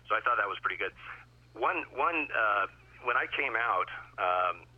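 A man's voice: fairly low pitch, expressive, normal speed, phone-quality sound. An older man, a retired baseball umpire, telling easygoing stories as a guest in a casual interview. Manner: easygoing, anecdotal storyteller.

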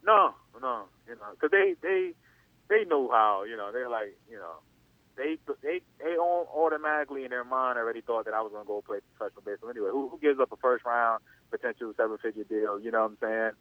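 A man's voice: medium pitch, animated, fast talker, no room sound. A man in his thirties, an interview guest telling a long story in a loose, rambling way full of "you know.". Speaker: interview guest, former athlete. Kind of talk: casual spoken storytelling. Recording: dry, tinny phone-line sound.

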